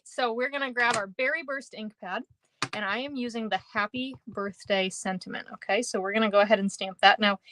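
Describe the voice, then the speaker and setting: A bubbly woman leads a live craft demonstration, chatting easily and laughing often as she greets viewers by name. Her voice sits at a middle pitch and is recorded close and dry, with no room sound. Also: pushed and bright, no echo. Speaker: craft class host.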